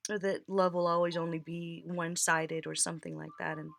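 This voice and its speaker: A woman's voice: on the low side, flat delivery, brisk, vocal fry, fairly bright tone. Tearful woman giving a tarot reading. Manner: tearful, laughing, heartfelt, reassuring. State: crying. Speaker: tarot reader. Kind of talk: emotional tarot reading to viewers.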